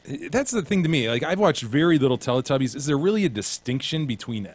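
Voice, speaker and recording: A man's voice: a little high, big pitch swings, quick pace, no echo. A man co-hosting a casual comedy podcast who teases his partner with wisecracks. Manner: wisecracking, teasing. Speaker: podcast co-host.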